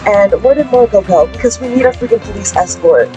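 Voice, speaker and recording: A young woman giving chatty, excitable let's-play commentary, exclaiming often as she narrates the story. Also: mid-range voice, brisk, highs cut off. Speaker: gaming channel host. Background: game music.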